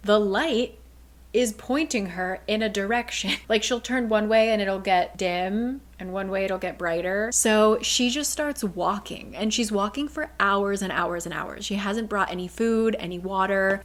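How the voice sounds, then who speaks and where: A woman casually retelling a book's plot, chatty and animated, filling her speech with "like" and briefly mimicking the characters. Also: medium pitch. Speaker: book summary vlogger.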